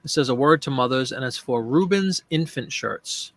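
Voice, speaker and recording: A man's voice: mid-range voice, lively intonation, moderate pace, a bit bright. Chatty man hosting a live stream. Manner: chatty, thinks aloud while working, addresses viewers by name. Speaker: live-stream host and online seller. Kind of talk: casual live-stream chat.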